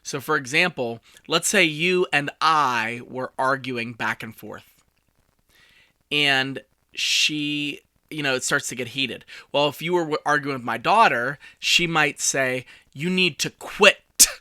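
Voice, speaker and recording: A man's voice: mid-range voice, measured pace, sharp tone, no room sound. A man in his forties who hosts a podcast as a communication coach, telling stories in a chatty way with self-deprecating asides. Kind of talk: casual solo podcast talk.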